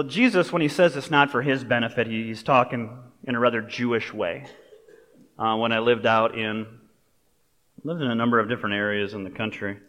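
A man preaching a sermon as a pastor, in a relaxed, conversational way with personal stories and asides. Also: on the low side. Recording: long reverb of a large hall.

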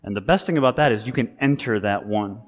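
Male pastor, mid-pitched voice, casual animated sermon, long hall reverb. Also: fast talker. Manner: conversational, animated preaching with rising emphasis.

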